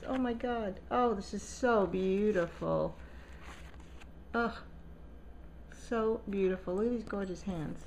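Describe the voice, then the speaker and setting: A woman's voice: mid-range voice, takes it slowly, creaky, long pauses, slight background noise, rough recording. A woman unboxing a swap package at home on a casual vlog, gushing and gasping with delight over each item. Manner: gushing, excitable, gasping often. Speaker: vlogger. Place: home, at a table.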